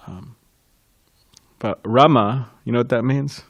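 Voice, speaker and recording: A man giving a devotional class, recounting a memory with frequent chuckles and halting restarts. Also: medium pitch, creaky, a bit bright, no echo. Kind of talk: reminiscing in a scripture class.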